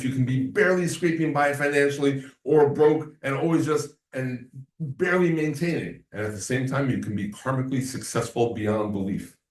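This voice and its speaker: A man with a mid-range, somewhat dark voice gives a casual lecture to a class, rambling through stories and acting out what people said. The classroom recording is echoey and captured from a distance.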